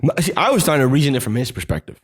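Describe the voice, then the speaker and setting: A man's voice: mid-range voice, sing-song, rapid-fire, breathy edge. A man co-hosting a casual podcast chat, swearing freely and acting out quotes in put-on voices. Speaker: podcast co-host.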